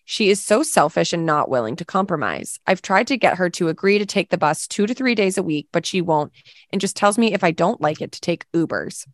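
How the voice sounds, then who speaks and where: A woman's voice: lowish voice, lively intonation, fairly quick, no room sound, studio quality. Chatty woman co-hosting a podcast. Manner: chatty, swearing, laughing often. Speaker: podcast co-host. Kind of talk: casual chat and reading a listener post aloud.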